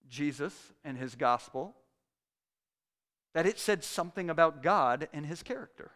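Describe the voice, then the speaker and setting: A man with a notably high voice delivers a sermon in an earnest, conversational way. He often restarts his phrases as he works through a scripture passage. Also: expressive, moderate pace, a bit bright. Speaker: pastor.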